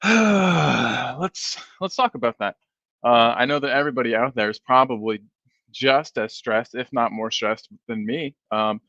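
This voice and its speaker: A sleepy fan channel host runs a fan live stream, rambling casually and reading viewer comments aloud. His medium-pitched voice comes across as pushed and bright at a measured pace. The stream audio is dull and dry, with no echo.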